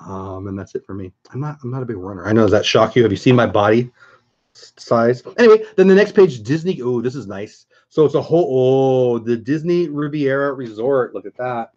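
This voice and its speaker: A man of middle pitch chats eagerly through a casual livestream, stopping often to greet viewers by name. The sound is a little dull and lo-fi. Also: brisk, darkish tone. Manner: chatty, enthusiastic, greets chat viewers by name. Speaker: vlogger hosting a livestream.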